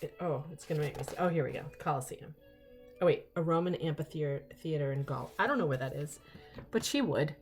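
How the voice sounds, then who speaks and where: An older woman hosting a casual unboxing vlog, chatty and excitable, rambling into asides. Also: low voice, a little fast, soft background music. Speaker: vlog host.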